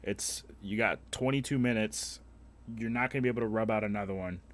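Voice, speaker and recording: A young man streams live, bantering with chat in a crude, profane, joking way. His voice sits on the low side. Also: fairly quick.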